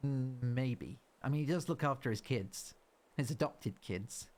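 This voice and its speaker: A man's voice: mid-range voice, a little slow, a little mellow. A man streaming a video game, chatting casually and rambling as he plays. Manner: chatty, rambling, self-interrupting. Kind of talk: casual gameplay commentary.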